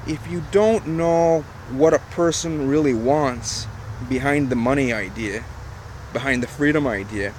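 A man's voice: mid-range voice, unhurried, slight background noise. A man telling a motivational story in a casual vlog, talking straight to his viewers, emphatic and repetitive, with a little swearing. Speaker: online marketer.

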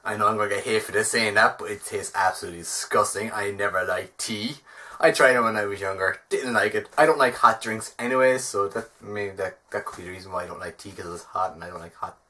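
A man's voice: fairly low pitch, fast, sharp tone. A man with an Irish accent giving a wry, self-mocking comic vlog monologue. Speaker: vlogger.

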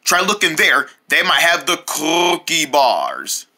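A performer voicing a male store clerk who speaks in a low, very slow, drawn-out way in a homemade comedy skit. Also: wildly swooping pitch, sharp tone, exaggerated voice. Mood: drawling.

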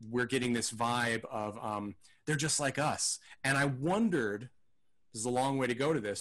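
A man co-hosting a film podcast, talking through his thoughts in a rambling, hesitant way with lots of fillers and restarts. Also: mid-range voice. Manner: rambling, hesitant, thinks aloud with many fillers. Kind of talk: casual film discussion.

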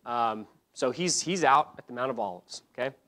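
A man teaching a church Bible lesson, telling the story in an animated way, acting out the quotes, often restarting his sentences. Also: medium pitch, moderate pace.

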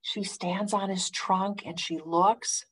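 A children's librarian reading a picture book aloud to preschoolers in an animated way, pausing to ask the kids questions. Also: female voice, medium pitch, breathy edge.

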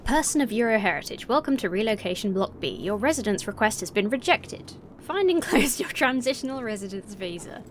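A woman's voice: on the high side, lively intonation, fairly quick, few pauses, a little hiss or hum. A young woman casually commenting on a game she plays, wry and sweary, reading the game text aloud and trying on accents. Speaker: streamer playing a game. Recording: game music behind.

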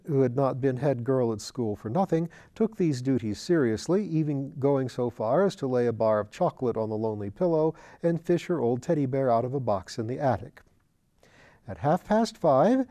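A man reading a novel written as letters aloud, in a measured, unhurried way. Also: mid-range voice, dark tone. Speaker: audiobook reader.

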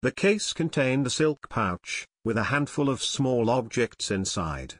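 A man narrating a children's fantasy chapter book in steady scripted narration, as author and reader. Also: mid-range voice, measured pace, breathy edge, no room sound, clean studio sound.

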